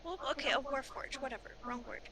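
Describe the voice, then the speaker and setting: A woman talks casually and bluntly, her voice fairly high and bright, even sharp. There is a faint hiss behind her. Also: fast talker. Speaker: player. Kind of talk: casual tabletop play.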